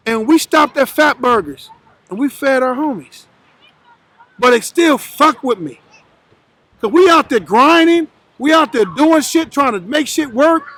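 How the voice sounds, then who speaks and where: A man's voice: very high-pitched, a bit bright, slight background noise. A man, a guest in an interview, telling his life story bluntly and profanely, acting out the voices of the people he quotes.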